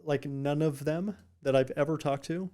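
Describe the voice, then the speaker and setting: A man's voice: on the high side, normal speed, dark tone. A man hosting a podcast, asking questions casually and reacting with enthusiasm. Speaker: podcast host. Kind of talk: casual interview.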